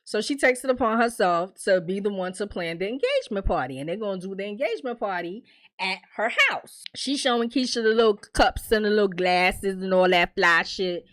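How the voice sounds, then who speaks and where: A young woman vlogger, recapping a TV episode in a casual, animated way and acting out the characters' lines. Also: mid-range voice, a little fast, no room sound. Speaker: vlogger reviewing a TV series.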